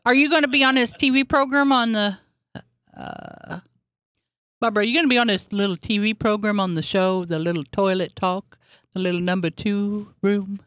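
A woman's voice: mid-range voice, normal speed, no room sound. A woman with a lisp co-hosting a comedy podcast, joking casually and slipping into impressions. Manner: animated, jokey, slips into impressions. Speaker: podcast co-host.

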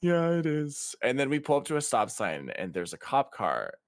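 A young man casually telling a funny story, laughing often and leaping into high voices to quote people. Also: fairly quick, creaky, dry recording, clean studio sound. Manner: laughing, animated, jumps to high voices quoting others. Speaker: podcast guest.

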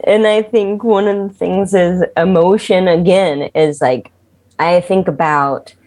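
Casting note: a woman with a low voice, candid and animated, swears freely in casual chat. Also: unhurried. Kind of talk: casual conversation.

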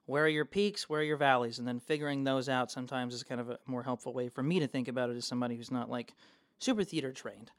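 A man's voice: medium pitch, steady tone, quick pace, no room sound, studio quality. A man co-hosting a podcast in a casual, rambling, profane chat. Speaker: podcast co-host.

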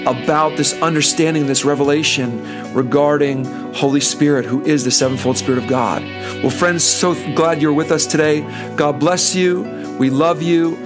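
A man hosting a preaching podcast, fervent and earnest, who voices pleading prayers. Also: fairly high pitch.

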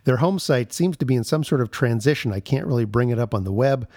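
A man's voice: medium pitch, darkish tone, no echo. Wry man narrating, dry mic. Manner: wry, measured. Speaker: show presenter. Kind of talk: scripted narration.

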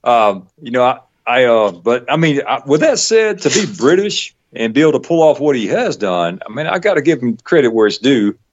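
A man's voice: mid-range voice, big pitch swings, moderate pace, few pauses. A middle-aged man with a Georgia Southern accent, chatting casually as a guest, rambling with fillers and frequent chuckles. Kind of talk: casual interview chat. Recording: dull lo-fi recording.

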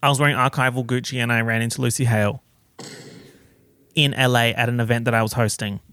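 A young man telling an excited story in a vlog, gushing and swearing, his pitch jumping up for emphasis. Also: quick pace, no echo, clean studio sound. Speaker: content creator.

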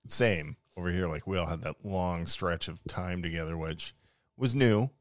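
A man's voice: low voice, moderate pace, dry recording. A man co-hosting a podcast, joking and riffing in a casual, sarcastic way. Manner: joking, animated, sarcastic asides. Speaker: podcast co-host. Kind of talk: casual chat.

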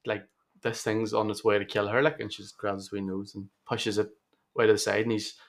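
A man's voice: lowish voice, little pitch movement, brisk, creaky. Young man, podcast co-host; dry, laughing anecdote-teller. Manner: laughs often, tells stories with dry humour. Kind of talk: casual chat.

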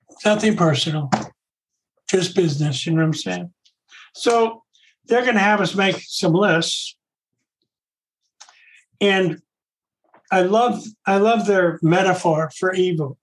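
A man's voice: sits high, poor audio. A man giving a casual, conversational talk on a recovery program, often repeating himself and voicing his own inner thoughts aloud.

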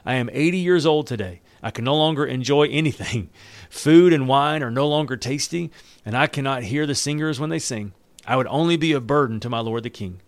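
A man's voice: mid-range voice, fairly quick, no room sound. Dry-voiced man reading scripture aloud. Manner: reads scripture aloud, then retells it loosely in everyday words. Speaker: Bible reader and teacher. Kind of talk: Bible reading with casual commentary.

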